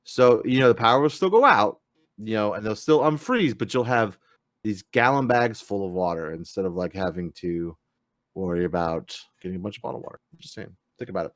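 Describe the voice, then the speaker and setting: A man's voice: lowish voice, expressive, fairly quick, no room sound, clean studio sound. A man hosting a live-streamed gaming talk show, chatting loosely with lots of fillers and the odd swear word. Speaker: podcast host. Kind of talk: casual live-stream chat.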